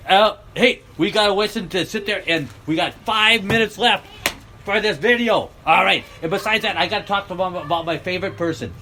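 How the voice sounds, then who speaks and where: A man's voice: high-pitched, fairly quick, pushed and bright, slight background noise. An older American man vlogging outdoors, talking bluntly and joking as he rambles. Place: outdoors near a road.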